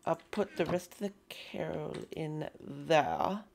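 A young woman chatting excitedly through a gameplay session, calling out playful greetings to characters in the game. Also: low voice, slow, vocal fry. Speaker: gaming video host. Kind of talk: casual gameplay commentary.

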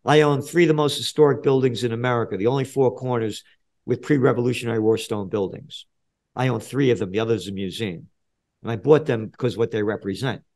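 Older New York guest, seventies, combative profane storyteller, ordinary middle register. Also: male voice, brisk. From the Bronx, New York. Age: 70s. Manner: blunt, fiery, profane, swings from low mutter to loud. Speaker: guest, trend forecaster. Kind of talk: podcast interview, storytelling.

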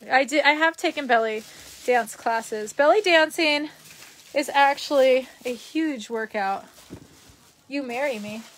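A young woman with a high voice rambles through a casual live stream. She chats loosely and reads viewer comments aloud from a room in her parents' house. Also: unhurried, slight background noise.

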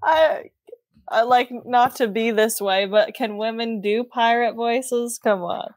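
A woman's voice: fairly high pitch, slow, no room sound. A woman co-hosting a podcast in casual chat, wry and playfully blunt.

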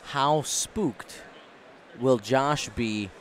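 Man, co-commentator, relaxed, thinks aloud, lowish mid voice, faint noise behind. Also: extremely slow. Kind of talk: casual game commentary.

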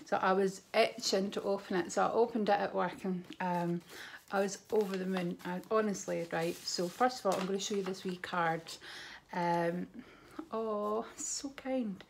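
Chatty Scottish woman with a gravelly voice. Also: mid-range voice, steady tone, normal speed, slight background noise. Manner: chatty, effusive storyteller. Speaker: beauty vlogger. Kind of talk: casual chat to camera. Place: at home.

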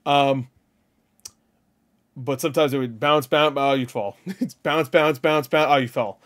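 A man hosting a casual reaction video, talking excitably, swearing and laughing at what he sees. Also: mid-range voice, unhurried. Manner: excitable, swears often, laughs and yelps at jump scares.

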